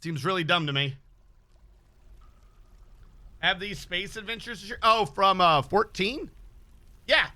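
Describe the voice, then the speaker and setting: A man's voice: high voice, animated, slow, long pauses, bright, forceful tone. A man streaming, chatting casually and rambling, swearing freely as he tells stories. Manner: rambling, swears freely, acts out dialogue in anecdotes.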